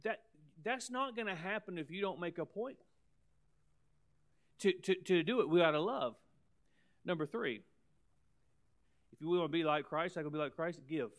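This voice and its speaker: A pastor in the middle of a sermon, a man with a slightly higher-pitched voice. He preaches emphatically, often repeating words. He swings between loud, pressing points and quieter, softer lines. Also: normal speed, pauses often.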